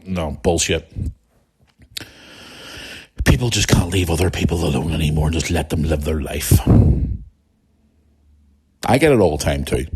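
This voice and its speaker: A man's voice: sits low, animated, moderate pace, long pauses, a little mellow, husky. A man hosting a podcast in a casual monologue, talking bluntly and heatedly with plenty of swearing. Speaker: podcast host.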